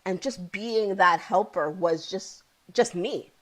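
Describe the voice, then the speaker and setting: A woman in her thirties or forties shares a personal story as a guest. She speaks earnestly and with feeling, often circling back to repeat a phrase for weight. Her voice sits at an ordinary middle pitch. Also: takes it slowly, fairly bright tone, rough recording. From Ontario, Canada. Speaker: psychotherapist guest.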